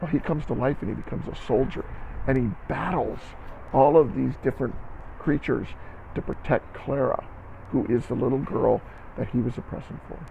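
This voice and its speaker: A man's voice: medium pitch, moderate pace, creaky, phone-quality sound, a little hiss or hum. A man teaching a recorded band lesson to students, encouraging them and counting beats aloud.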